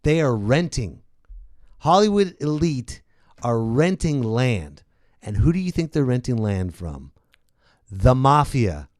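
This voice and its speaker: A man's voice: medium pitch, very animated, slow, darkish tone, dry recording, clean studio sound. A man hosting a comedy podcast, ranting with profanity and sarcasm. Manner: profane, sarcastic, switching into impressions. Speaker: podcast host. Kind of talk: comedic rant.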